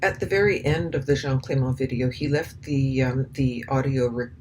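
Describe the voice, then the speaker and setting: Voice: mid-range voice, moderate pace, a little mellow, a little hiss or hum, poor audio. A commentator talking through a recording, hesitant and full of restarts, with indignant, sarcastic asides. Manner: hesitant, many ums and restarts. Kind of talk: spoken commentary.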